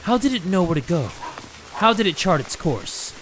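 An actor playing a creepy, cryptic male passenger in a horror game, speaking in a slow, solemn, ominous way. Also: sits high, sing-song, a bit bright, slight background noise.

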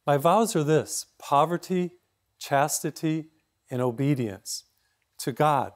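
A man's voice: a little high, takes it slowly. Priest in his sixties preaching a sermon. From Massachusetts. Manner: storytelling, steady and reflective.

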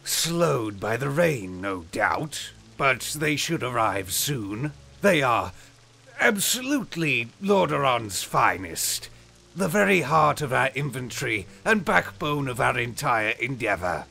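A man voicing a nervous, servile undead male alchemist who talks in a hesitant, wheedling way with a raspy, creaky voice. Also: mid-range voice, sing-song, slow pace, sharp tone, full character voice. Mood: pleading. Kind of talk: audiobook character voice.

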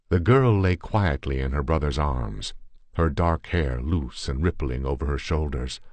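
A man narrating an adventure story in the first person with a measured, dramatic reading. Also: rumbling low, dry recording. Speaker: audiobook narrator.

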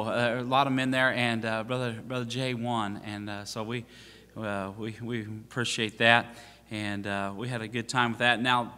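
A man's voice: mid-range voice, bright, forceful tone. A man preaching as a pastor, telling a story with self-mocking jokes and many fillers and restarts. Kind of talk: storytelling from the pulpit. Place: church sanctuary. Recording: long church reverb.

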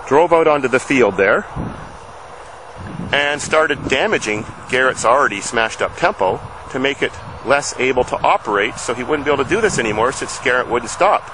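A man vlogging outdoors from his farm, calmly laying out his side of a dispute. He talks in a plain, casual, explaining way, and his voice sits at a middling pitch. Faint outdoor noise and passing vehicles hum behind him. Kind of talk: casual storytelling to camera.

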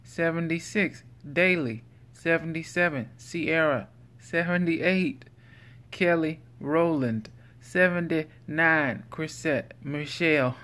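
A man vlogging, reading out a numbered list slowly and deliberately, with playful silly asides. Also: on the high side, sharp tone.

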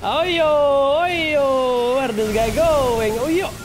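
A streamer giving excitable live gameplay commentary, full of trash talk, laughter, repeated taunts and non-native English grammar. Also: high-pitched, takes it slowly, noisy background. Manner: taunting, repeats short phrases.

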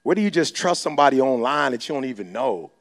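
A man's voice: mid-range voice, lively intonation, fast talker, gravelly. A man giving a fiery motivational speech, lecturing his listeners in slangy street talk. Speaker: motivational speaker.

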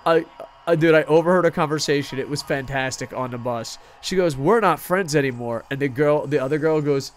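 Excitable, foul-mouthed man streaming. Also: on the high side, a little fast, soft background music. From United States. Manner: excitable, profane, self-mocking. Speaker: game streamer. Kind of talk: casual gaming stream commentary.

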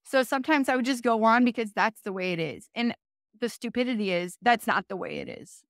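A woman's voice: on the high side, expressive, a little fast, no room sound, studio quality. A woman speaking as an interview guest, telling her story in a casual, chatty way, full of fillers and self-corrections and often laughing.

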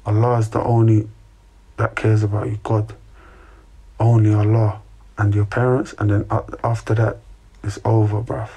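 A young man talks casually to his livestream chat in a flat, low, husky voice. He speaks with a mellow, dark tone, dropping "bruv" and "innit" into nearly every line while he gives earnest advice. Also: moderate pace, pauses often. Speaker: livestream host.

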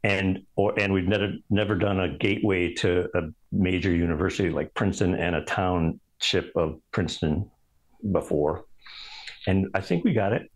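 A man with a deep, low voice speaks as a podcast guest and wanders through his stories. He fills the pauses with ums and uhs and often starts a sentence over, much like an easy chat across a table. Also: fairly even intonation, low-quality recording. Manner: rambling, halting delivery full of ums and restarts. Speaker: architect guest. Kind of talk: storytelling in casual conversation.

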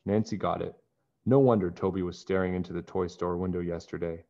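A man reading a children's chapter book aloud in a friendly, expressive storytelling manner, on a dull lo-fi recording. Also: sits low, fairly quick, vocal fry. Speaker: storybook reader.

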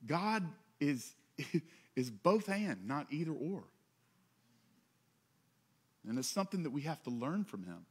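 A pastor delivering a sermon in a conversational way, with asides, swelling for emphasis and dropping soft on key points. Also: male voice, very animated, breathy edge. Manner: conversational preaching with asides and quick jokes; rises in pitch and volume for emphasis, drops low and soft on closing points.

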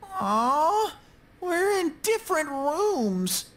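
A man's voice: extremely high pitch, very animated, extremely slow, fairly bright tone, full character voice. An actor voicing a cheerful, childish bear-like male mascot in a video game, bubbly and eager. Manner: bubbly, eager, sing-song. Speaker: game character. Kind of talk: English game dub. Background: game music.

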